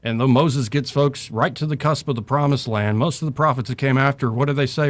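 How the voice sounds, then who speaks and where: A man's voice: mid-range voice, brisk, few pauses. Impassioned preacherly man on talk radio. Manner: preacherly, quoting scripture, voice rising and falling.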